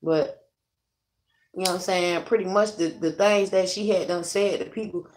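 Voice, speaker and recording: A woman's voice: on the low side, fairly even intonation, moderate pace, a little mellow. A young adult woman venting to her viewers in a blunt, profane, rambling way. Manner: addresses viewers directly. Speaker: vlogger. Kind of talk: casual venting to camera.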